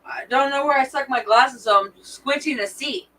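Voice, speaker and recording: A woman co-hosting a casual stream, giving offhand, drawn-out replies. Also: high voice, pushed and bright, far from the mic, slight background noise, rough recording. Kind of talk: casual chat.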